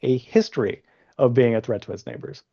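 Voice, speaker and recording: A man's voice: mid-range voice, sing-song, brisk, gravelly, dull audio. A man as a podcast guest, pushing back bluntly in a political debate. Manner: blunt and dismissive, often interrupted.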